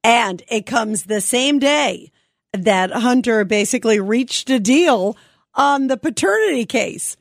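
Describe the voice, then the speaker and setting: A woman's voice: fairly high pitch, lively intonation, slow, dry recording, studio quality. A woman hosting a talk radio show, speaking emphatically and indignantly, firing rhetorical questions.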